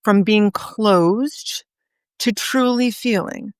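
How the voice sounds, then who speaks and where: A woman guest in a podcast interview, telling a story earnestly with emphatic pauses. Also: medium pitch, clear, resonant tone, no room sound, clean studio sound. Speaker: guest author and speaker.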